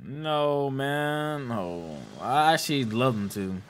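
A young man hosting a casual movie reaction, excitable and slangy, laughing and swearing as he talks to viewers. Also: medium pitch, slow, slight background noise. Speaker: reaction host.

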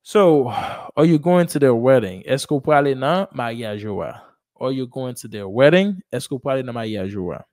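A man's voice: mid-range voice, animated, moderate pace, darkish tone, no room sound. A man teaching English in a classroom, explaining in Haitian Creole and French, repeating sentences and asking "ok?" after each point. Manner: asks and praises students, says "ok?" and "good job".

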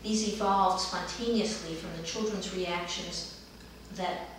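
A middle-aged woman, a dance movement therapist, calmly telling the story of a session with children. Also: on the low side, measured pace, a little hiss or hum. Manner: calm, gentle storytelling, livelier when acting out children. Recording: roomy echo, heard from a distance.

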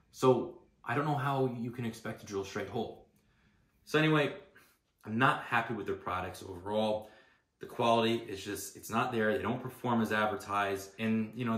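A man's voice: fairly low pitch, a bit bright, roomy sound. A man telling an aggrieved, exasperated story about a bad customer experience, speaking casually. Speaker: customer posting a complaint video. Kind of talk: casual spoken complaint.

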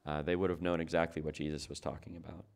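A man's voice: a bass voice, little pitch movement, fast, creaky. A man preaching a sermon as pastor, talking it through in a conversational way and asking his listeners rhetorical questions.

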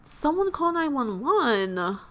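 Young woman host, casual game commentary, slightly high voice, unhurried delivery, chatty and exclamatory, talks to viewers directly. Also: big pitch swings, fairly bright tone. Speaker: let's play host.

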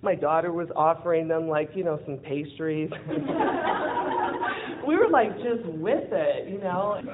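Woman telling a lively story, tinny audio. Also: deep voice, a little slow, a crowd in the background. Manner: animated, acts out quoted dialogue, laughs often. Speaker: event speaker. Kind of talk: personal storytelling talk. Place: event venue in front of an audience. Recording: tinny phone-like lo-fi audio with faint hiss.

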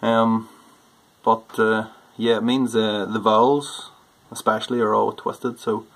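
Northern irish guy doing a vlog, low gravelly voice, jokes about himself, punches the odd word loud. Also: level tone, measured pace, poor audio. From Northern Ireland. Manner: self-deprecating, chatty, loud stressed words. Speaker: homebrewing YouTuber. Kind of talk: casual vlog, accent challenge.

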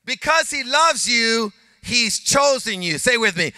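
An older man preaching a sermon as pastor, animated, with call-and-response to his congregation. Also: very high voice, a little slow, no room sound. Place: church sanctuary.

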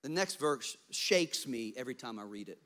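A man preaching a sermon as pastor, animated in storytelling and dropping to soft, intimate tones. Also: mid-range voice, moderate pace.

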